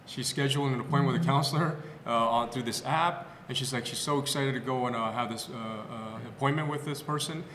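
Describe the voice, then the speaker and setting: A man's voice: mid-range voice, fairly quick, hardly any pauses, a little hiss or hum. A male physical therapist on a podcast, telling patient stories casually with lots of fillers and restarts. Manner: storytelling, animated, with many fillers and restarts. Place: clinic podcast room. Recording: roomy echo with long reverb.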